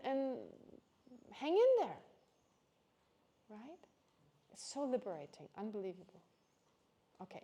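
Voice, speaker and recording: Woman teacher chatting through a dharma talk, warm low-key tone, voice jumps around a lot. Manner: chatty, animated storytelling with quoted voices. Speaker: Buddhist teacher. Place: teaching hall at a nunnery.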